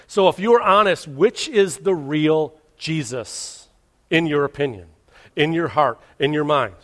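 Earnest high-voiced male pastor. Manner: earnest, repetitive questioning, shifts from loud to hushed. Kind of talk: sermon. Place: church service.

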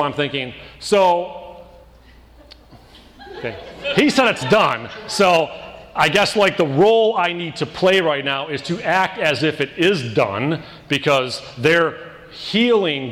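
A pastor preaches a sermon in a large hall, telling a personal story with animated quoted voices and building into emphatic repeated lines. His voice is fairly high.

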